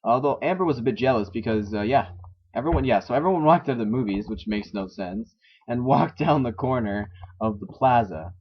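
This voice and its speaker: A sarcastic man reads a story aloud and keeps mocking it, swearing freely. His voice sits at a middle pitch, and the recording sounds dull and lo-fi. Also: fairly quick, slightly rough. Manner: sarcastic, swears a lot, laughs at the text. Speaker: story reader. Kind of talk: mocking read-through of a story.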